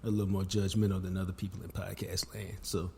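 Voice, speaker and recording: A man, hosting a casual sports podcast and telling stories with big swings in pitch and loudness. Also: fast, vocal fry. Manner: animated, storytelling, wide swings in pitch and loudness. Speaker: podcast host. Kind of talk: casual sports talk chat.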